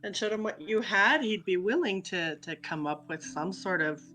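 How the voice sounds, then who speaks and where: A woman's voice: medium pitch, lively intonation, moderate pace, bright, forceful tone, soft background music, poor audio. A woman in a tabletop role-playing game, chatting casually and laughing between her moves. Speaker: player. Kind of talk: tabletop role-play chat.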